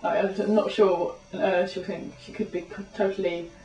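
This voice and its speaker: A woman's voice: medium pitch, level tone, normal speed, warm tone. A young woman, a student, chatting casually and rambling nervously with many restarts. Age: young adult. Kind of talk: casual chat. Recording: echoey room, mic far off.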